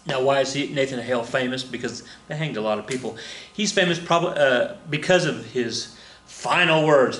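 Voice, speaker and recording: In an echoey room with a flag on the wall, a man records a casual history lecture. His voice is medium-pitched and fairly bright at a normal speed, and he rambles, restarting sentences, using fillers and chuckling along the way.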